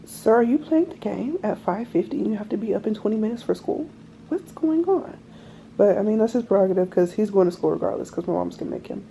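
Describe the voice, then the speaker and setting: A young woman in her twenties rambles through a casual vlog story, full of fillers and animated asides. Her voice is mellow and warm, sitting at an ordinary pitch. A faint hiss stays under her voice the whole time. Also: quick pace, vocal fry. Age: 20s. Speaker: vlogger. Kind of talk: casual chat.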